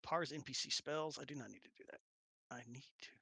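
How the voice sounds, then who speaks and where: A man's voice: mid-range voice, quick pace, vocal fry, pushed and bright, breathy edge, dry recording. A man running a tabletop game, chatting casually and muttering to himself while fiddling with settings. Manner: muttering to himself, jokey and distracted. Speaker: game master.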